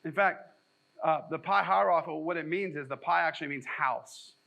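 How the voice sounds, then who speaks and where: A man's voice: a little high, moderate pace, creaky, sharp tone, low-quality recording. A male pastor, preaching a conversational sermon and mixing scripture reading with joking, self-deprecating asides.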